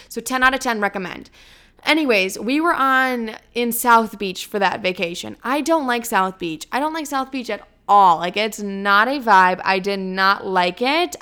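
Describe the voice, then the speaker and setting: Sharp and resonant at a medium pitch, this young woman's voice comes across clearly as she runs her solo podcast. Still in her twenties, she talks casually and bluntly, with plenty of profanity and a steady stream of "like."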